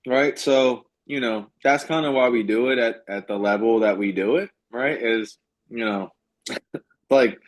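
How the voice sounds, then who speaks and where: A man coaching a group on a video call, emphatic and animated, repeating his points to drive them home. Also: mid-range voice, measured pace. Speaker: business coach.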